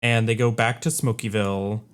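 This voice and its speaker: A man's voice: fairly low pitch, fairly even intonation, normal speed, clean tone. A man co-hosting a podcast, recapping a movie's plot in laid-back, casual chat. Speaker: podcast co-host.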